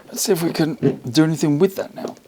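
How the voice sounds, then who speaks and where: A man's voice: on the high side, steady tone, fast talker, background noise. Wry man muttering while working. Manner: muttering to himself, wry and self-mocking, straining. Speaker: car restoration vlogger. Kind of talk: casual self-narration while working. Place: home garage.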